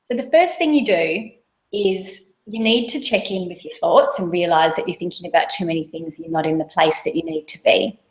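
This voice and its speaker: A woman's voice: lowish voice, normal speed. A woman, a mother in her thirties, earnestly explaining mindfulness in a casual webinar talk, using everyday examples. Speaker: mindfulness course guest. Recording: roomy echo.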